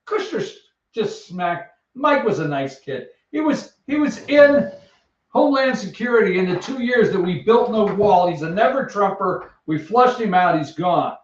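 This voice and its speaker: A man's voice: sits high, lively intonation, moderate pace. A man hosting a sarcastic, jokey countdown of news headlines from an office. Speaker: host. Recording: echoey, distant, dull sound.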